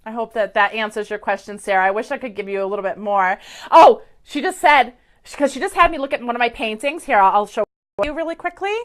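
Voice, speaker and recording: A woman's voice: on the high side, fast talker. Gushing, chatty woman psychic medium. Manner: effusive, gushing, chatty with many fillers. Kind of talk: live-stream reading for viewers.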